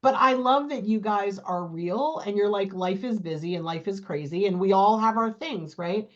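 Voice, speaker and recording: A middle-aged woman chats as an interview guest, animated and expressive, often acting out her own thoughts. Her voice sits mid-range, and the audio is a little dull and lo-fi. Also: medium pitch, moderate pace. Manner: animated storyteller, quotes her own thoughts, laughs easily. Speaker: program client, guest. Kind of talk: casual interview chat.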